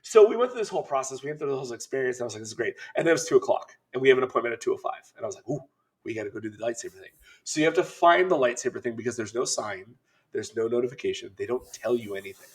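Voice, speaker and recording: A middle-aged man co-hosting a podcast, telling an animated, laughing story in casual chat. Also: medium pitch, racing. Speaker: podcast co-host.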